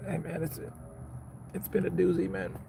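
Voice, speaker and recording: A man's voice: fairly high pitch, big pitch swings, moderate pace, gravelly, noisy background. A man, chatting casually with his viewers on a live stream from his car, laid-back and rambling, calling people bro and man. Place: inside a car.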